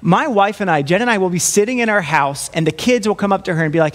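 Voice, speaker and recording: A middle-aged male pastor gives a sermon, opening with an animated personal story. His voice sits high for a man, and he slips into quick voices for the children and his mother as he tells it. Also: long reverb tail. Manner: lively storytelling, acts out voices of kids and mom.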